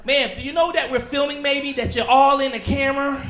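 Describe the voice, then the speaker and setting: A man doing a stand-up comedy routine on a club stage, teasing the audience and jumping into quick character voices. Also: very high-pitched, fairly even intonation, fairly bright tone. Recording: echoey club with crowd laughter.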